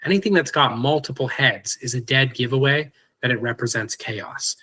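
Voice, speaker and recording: A man's voice: mid-range voice, normal speed, pushed and bright, husky, low-quality recording. A man teaching an online mythology class, explaining in a casual way with asides and fillers.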